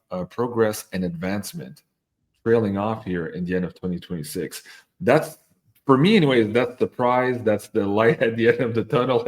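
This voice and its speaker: A man's voice: on the low side, a little mellow. A man hosting an interview, talking casually and animatedly with frequent laughs and fillers. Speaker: host.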